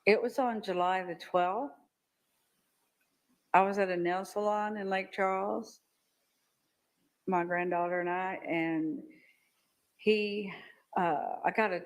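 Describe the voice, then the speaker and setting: An older woman testifying as a witness in a courtroom. She talks haltingly and often repeats words as she recalls events. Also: mid-range voice, low-quality recording. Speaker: trial witness.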